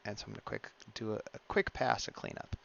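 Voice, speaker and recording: A man's voice: lowish voice, lively intonation, quick pace, gravelly, a bit bright, dull audio, slight background noise. Chatty man mumbling while he draws. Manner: chatty, mumbles to himself, reads chat aloud. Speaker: streamer drawing live. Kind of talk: casual live-stream chat while drawing.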